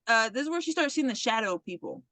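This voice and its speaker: A woman with a high, bright voice recaps a horror film for her podcast co-host, jumping into the characters' voices as she goes. She talks casually and swears freely. The recording is dry and close. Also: quick pace, dry recording. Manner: animated storyteller who acts out the characters' lines and swears freely. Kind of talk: casual chat, retelling a horror movie.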